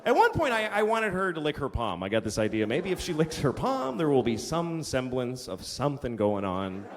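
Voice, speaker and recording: A man's voice: mid-range voice, huge pitch swings, moderate pace. A man performing a stand-up comedy routine, telling stories in a profane, exasperated way. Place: comedy venue on stage. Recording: reverberant club with loud crowd laughter.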